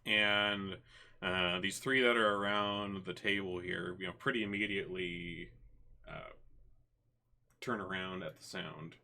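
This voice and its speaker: Bright-voiced low male game master. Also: unhurried. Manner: relaxed, many fillers and restarts. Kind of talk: narrating a tabletop game.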